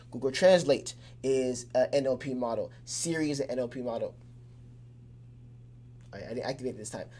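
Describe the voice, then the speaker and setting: This man teaches in a loose, chatty way, full of fillers and restarts, breaking the topic down with simple everyday examples. His voice is medium-pitched with a darkish tone.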